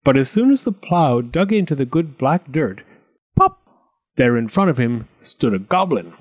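A man reading a storybook aloud with an expressive, lilting delivery. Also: mid-range voice, normal speed.

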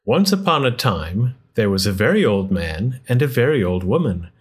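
A man reading a children's picture book aloud in an expressive storytelling manner. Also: lowish voice, moderate pace, husky.

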